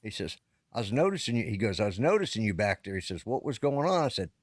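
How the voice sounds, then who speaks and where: Fast-talking and very animated, a middle-aged or older man with a lowish voice comes through with no echo and studio quality on a live-stream call setup. As a podcast co-host, he spins a long, meandering tale in a relaxed way, cutting himself off and picking back up.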